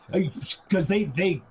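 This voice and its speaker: A man co-hosting a podcast, chiming in with short agreements and plot details during a casual movie chat. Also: sits high. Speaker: podcast co-host.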